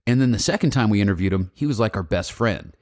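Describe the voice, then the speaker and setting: Male podcast host, slightly low voice; casual, blunt interviewer who swears. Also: expressive, fast talker, a little mellow.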